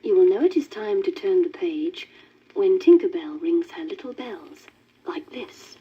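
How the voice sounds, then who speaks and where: A woman reading a children's storybook aloud in a gentle, lilting manner. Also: medium pitch, animated, normal speed, slightly rough. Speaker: story reader. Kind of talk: scripted storybook narration. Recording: dull worn vinyl record with faint hiss.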